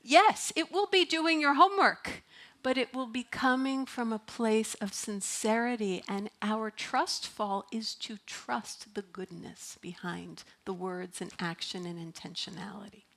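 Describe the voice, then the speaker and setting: Middle-aged woman pastor, slightly high voice, chatty and playful sermon delivery with frequent laughs. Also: measured pace, creaky, a bit bright. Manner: conversational, playful, laughs often. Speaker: minister. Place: church sanctuary.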